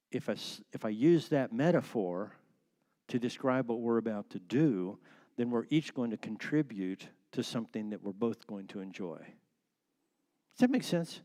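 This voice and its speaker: A man teaching a church class on marriage in a relaxed conversational way, explaining with everyday metaphors. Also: on the low side.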